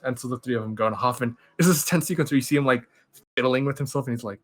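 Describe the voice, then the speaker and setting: Excited young man rambling through a recap. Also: medium pitch, fast. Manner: excited, rambling, acts out characters' lines. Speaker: podcast host. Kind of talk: casual movie recap.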